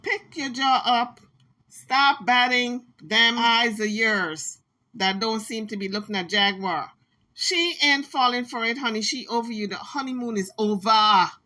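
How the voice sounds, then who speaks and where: A woman's voice: on the high side, unhurried, pushed and bright. A woman hosting a commentary channel, talking back to clips in a sassy, scolding, teasing way. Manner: sassy, scolding, teasing, talks straight to the clip.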